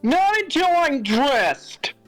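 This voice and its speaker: A man voicing a fussy young male gang leader in a live group story reading, with drawn-out theatrical shouting. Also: very high voice, very animated, faint music behind, heavily acted. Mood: indignant.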